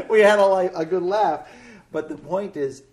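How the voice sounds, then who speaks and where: A man hosting a local cable TV interview in a studio, telling a story slowly with many fillers and restarts. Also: high voice, darkish tone. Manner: rambling, hesitant storytelling with fillers. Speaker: cable access TV host. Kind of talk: casual interview chat.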